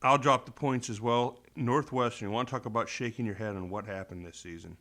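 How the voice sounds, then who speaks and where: This podcast co-host has a medium-pitched voice with a sharp tone, and he talks a little fast. He has the hiccups while he picks apart games on a casual sports chat, thinking aloud, wandering off track and correcting himself.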